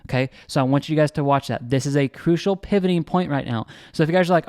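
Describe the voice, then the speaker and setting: Trading channel guy hyping his stuff, talks fast n repeats himself, crisp dry mic. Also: on the high side, dry recording. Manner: energetic, salesy, many repeats and restarts. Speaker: crypto trading channel host. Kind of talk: casual market commentary to camera.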